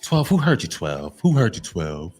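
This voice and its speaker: A man's voice: on the low side, sing-song, moderate pace, music in the background. A man voicing a mocking critic who keeps asking sneering questions in a raised voice.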